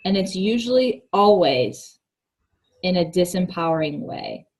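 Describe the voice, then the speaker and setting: Woman guest, lowish voice, slow and reflective, chatty. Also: lively intonation. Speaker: guest, gym worker. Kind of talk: casual conversation.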